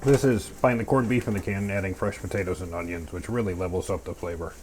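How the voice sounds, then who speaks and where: A man's voice: low voice, fairly even intonation, quick pace, noisy background. A man cooking in his home kitchen and talking through each step in a goofy, chatty way, full of playful sound words. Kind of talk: casual cooking narration. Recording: music clearly under the voice. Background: music and clattering pans.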